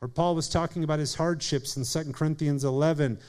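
A man preaching a sermon in an earnest way, speeding up and slowing down for emphasis and calling on listeners by name. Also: fairly high pitch, steady tone, a little mellow. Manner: earnest preaching, shifting pace and volume for emphasis. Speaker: pastor.

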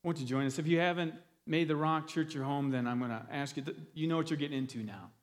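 A pastor delivering a sermon in a church, talking loosely with restarts and fillers and an earnest tone. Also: male voice, a little high, fast, in a large hall. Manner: earnest, gets emotional near the end.

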